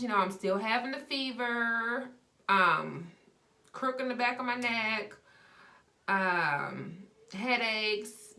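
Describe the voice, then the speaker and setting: A woman's voice: lowish voice, bright, forceful tone. A woman casually telling a personal story, chatty and full of ums, acting out what others said to her. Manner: chatty, many ums, acts out quoted dialogue. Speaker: vlogger sharing her health story.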